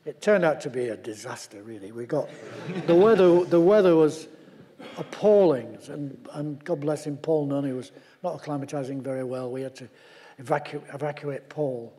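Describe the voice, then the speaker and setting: Older man, fairly high voice, halting stage storytelling, fillers, long hall reverb. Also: mellow. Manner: chuckling, halting, full of fillers. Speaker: mountaineer speaker at memorial event. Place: large lecture hall.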